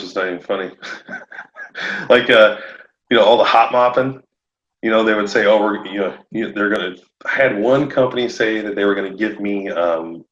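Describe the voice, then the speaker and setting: A man talking shop as a podcast guest, animated and laughing often as he acts out conversations. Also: fairly low pitch. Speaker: podcast guest, roofing contractor. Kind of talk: casual podcast chat. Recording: echoey room, dull lo-fi sound.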